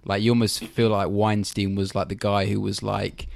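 A man's voice: on the low side, flat delivery, normal speed, creaky, dry recording, clean studio sound. A man hosting a casual chat, joking and asking questions.

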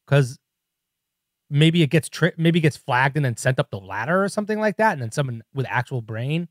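A man's voice: fairly high pitch, lively intonation, fairly quick, no echo, clean studio sound. Rambling, laid-back podcast co-host man. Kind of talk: casual podcast chat. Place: podcast studio.

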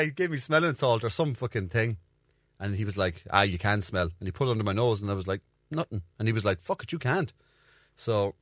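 A man talks alone into a dry, close microphone. His voice sits fairly low, and he rambles through his stories with a lot of swearing. He pokes fun at himself as he goes. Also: no echo. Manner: sweary, self-mocking storytelling. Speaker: podcast host. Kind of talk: casual solo monologue.

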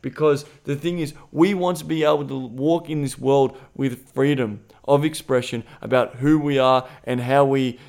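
A man co-hosting a podcast, speaking candidly and swearing freely as he acts out conversations with animated voices. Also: mid-range voice, normal speed, gravelly, few pauses. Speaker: podcast co-host. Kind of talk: casual podcast chat.

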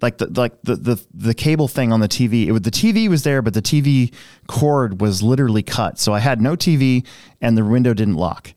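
Man, podcast co-host, rambling casual storyteller, clear resonant voice, dry studio sound. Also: medium pitch, fairly quick, dry recording. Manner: rambling, restarts often, animated when telling a story.

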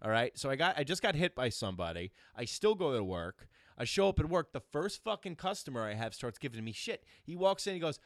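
A man's voice: on the high side, very animated, brisk, hardly any pauses, no echo. A man telling bar stories on a casual podcast, acting out every quote as he goes. He swears freely and keeps the story moving. The recording is close and dry, with no room sound. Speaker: podcast co-host, bartender.

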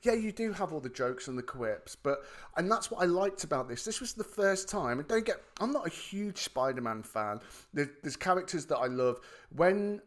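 A man's voice: a little high, lively intonation, normal speed. A man co-hosting a podcast, chatting about films animatedly and swearing freely. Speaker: podcast co-host. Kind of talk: casual film chat.

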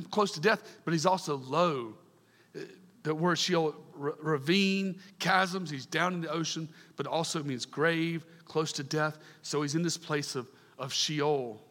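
Fervent preacher with a fairly high voice. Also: male voice, in a large hall. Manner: earnest, emphatic, rising to fervent calls then dropping to soft asides. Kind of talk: sermon.

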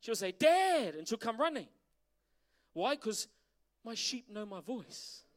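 This middle-aged pastor has a high voice and a measured pace as he delivers an animated sermon, asking the congregation rhetorical questions.

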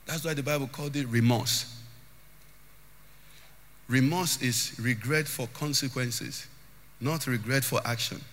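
A man's voice: mid-range voice, unhurried, pauses often, a bit bright. A man preaching a sermon as pastor, emphatic, often lifting phrases into a sung tone and repeating words as he builds. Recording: long hall reverb.

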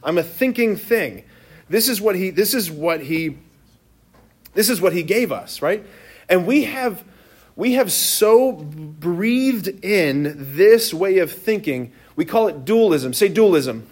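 A priest giving a lively, joking talk to teenagers in a room, often stopping to ask the audience questions. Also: male voice, high voice, takes it slowly, breathy edge. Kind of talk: interactive talk to teens. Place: room with a live youth audience.

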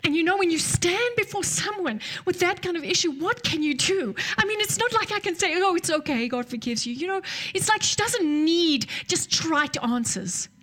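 A woman preaching a sermon, telling a story and dropping to soft near-whispers at tender moments. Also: very high-pitched, animated, moderate pace, hardly any pauses.

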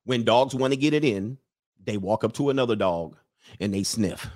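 On a live show, a man aged forty or more acts as host, his lowish voice a little mellow and moderately paced. His casual comedic commentary runs to crude, slangy stories, with occasional put-on voices.

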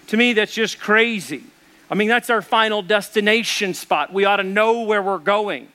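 A man's voice: high voice, moderate pace, pushed and bright. A man preaching a sermon as pastor, telling jokes and stories. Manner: storytelling with jokes.

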